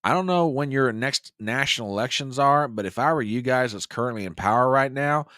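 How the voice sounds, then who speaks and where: A man's voice: medium pitch, a little fast, pushed and bright, dry recording, clean studio sound. An American man hosting a political commentary live stream, reading news aloud and reacting with indignation. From United States. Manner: indignant, reads news aloud and mocks quotes. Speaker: host.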